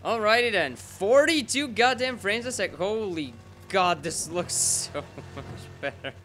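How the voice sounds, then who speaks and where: Young male gaming host, rambling, sweary, bright tone. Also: sits high, a little slow, a little hiss or hum. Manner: excitable, rambling, sweary, self-mocking. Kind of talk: live gameplay commentary.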